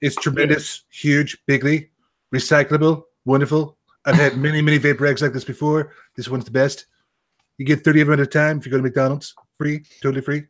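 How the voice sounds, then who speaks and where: A man's voice: fairly high pitch, flat delivery, a little fast, lightly acted. A man putting on a boastful, pompous older politician, piling up choppy superlatives as a joke on a livestream. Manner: bragging superlatives, choppy repeated phrases. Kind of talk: comic impression on a livestream.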